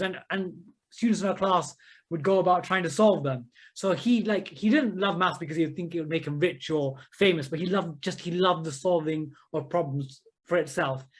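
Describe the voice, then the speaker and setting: An enthusiastic man in his thirties, a maths teacher telling animated stories as an interview guest. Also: high-pitched, breathy edge. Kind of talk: interview conversation.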